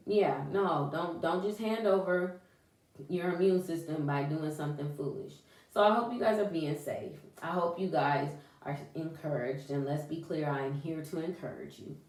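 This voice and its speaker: A woman vlogging in a casual, encouraging way, animated and folksy, with churchy exclamations. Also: lowish voice, distant mic. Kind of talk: casual encouraging vlog talk. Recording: echoey room, voice away from mic.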